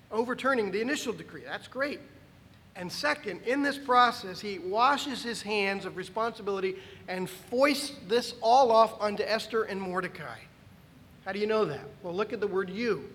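A man preaching a sermon as pastor, emphatic and animated, with dry asides. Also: high-pitched, big-room sound.

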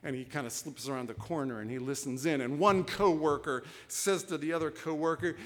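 A man preaching a sermon, explaining proverbs through a story, told deliberately with acted quotes. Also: mid-range voice, long reverb tail. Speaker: pastor.

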